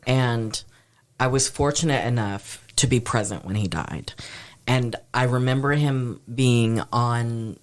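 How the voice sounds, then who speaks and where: Man, podcast co-host, middle pitch, earnest, reflective, hesitant. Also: takes it slowly. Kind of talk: casual chat.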